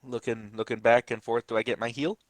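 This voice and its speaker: A man's voice: medium pitch, fairly even intonation, fairly quick, no echo. Laid-back joking man player, dry sound. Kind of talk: playing a tabletop game, casual.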